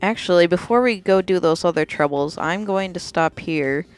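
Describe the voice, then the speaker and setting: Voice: medium pitch, normal speed, clean tone, soft background music. A let's player chatting offhand while commenting on a video game.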